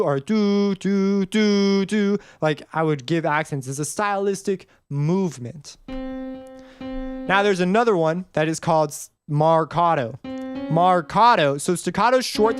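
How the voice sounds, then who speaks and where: High, smooth-voiced man teaching music. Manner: loose, rambling explanations, sings note examples. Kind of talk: casual screen-recorded tutorial.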